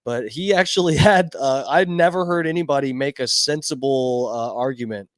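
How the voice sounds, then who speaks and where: Smooth-voiced crude male streamer. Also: mid-range voice, normal speed, dry recording, clean studio sound. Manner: crude, joking, rambling with fillers. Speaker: streamer reacting to speeches. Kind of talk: casual live-stream commentary.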